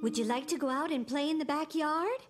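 A woman's voice: sits high, fairly quick, soft background music, close to an everyday voice. A woman voicing a kind, encouraging older grandmother in a children's cartoon. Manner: soft, encouraging, lilting.

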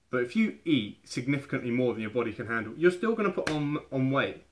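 A young Englishman talking straight to camera about his workouts. His delivery is loose and conversational, and he keeps doubling back to fix a word mid-sentence. His voice sits at a middling pitch for a man. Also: lively intonation, fast, hardly any pauses, a little hiss or hum. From England. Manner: chatty, rambling, often restarts mid-phrase. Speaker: fitness vlogger. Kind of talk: casual advice talk to camera.

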